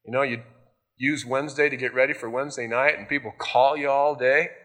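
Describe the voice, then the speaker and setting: A man's voice: mid-range voice, fairly even intonation, fairly quick, a bit bright. A male pastor giving a sermon in a loose, conversational storytelling way, often adding "you know".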